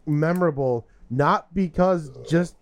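A man's voice: fairly high pitch, unhurried. A young man telling a profane, laughing story in casual chat with friends.

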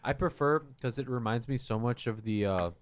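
A man in a casual beer-tasting chat, easygoing and quick to laugh. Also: mid-range voice, clear, resonant tone. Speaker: podcast co-host.

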